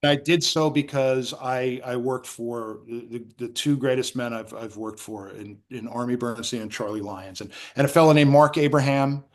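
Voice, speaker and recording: A man's voice: mid-range voice, normal speed, hardly any pauses. Storytelling middle-aged man from New Jersey. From New Jersey, USA. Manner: animated anecdotes, acts out quotes, frequent restarts. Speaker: interview guest. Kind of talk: casual storytelling interview.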